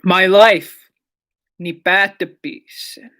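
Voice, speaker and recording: Language teacher, vocabulary drill, slow unhurried delivery, repeats each word, occasional whispered repeats, patient explanations, middle pitch. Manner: says each word several times slowly, sometimes softly or in a whisper; explains pronunciation patiently with short asides. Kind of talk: language lesson, repeating words for learners.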